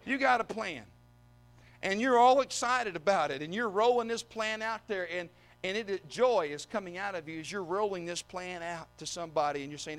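Bright high-voiced man preaching a sermon. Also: moderate pace. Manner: emphatic, repeats words, dry humor. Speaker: visiting preacher. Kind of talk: sermon with scripture reading.

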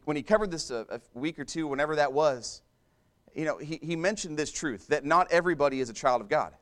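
Conversational preacher, a man pitched a bit high. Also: a bit bright. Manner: conversational preaching with frequent restarts and asides to the congregation. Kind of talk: sermon.

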